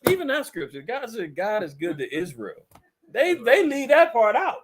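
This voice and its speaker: Man, high-pitched, Bible teacher, fiery, mocking, preachy delivery. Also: wildly swooping pitch, normal speed.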